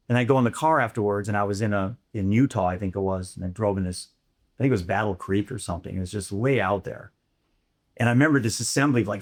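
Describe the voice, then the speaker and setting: A middle-aged man telling his story of loss and recovery in a candid, reflective way, with fillers and restarts. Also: low-pitched. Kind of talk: personal storytelling talk.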